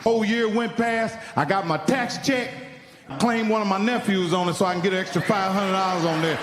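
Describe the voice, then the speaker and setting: A man from Indiana doing stand-up storytelling, profane and animated, acting out the people in his stories. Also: high voice, fairly quick, a crowd in the background, noisy background. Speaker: stand-up comedian. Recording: live hall recording with long reverb.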